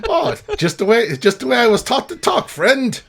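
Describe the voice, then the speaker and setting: A man's voice: high-pitched, sing-song, moderate pace, sharp tone, slight background noise, voice pushed up, exaggerated voice. A man voicing a roguish hooded human man who talks in a thick put-on accent, hearty and effusive.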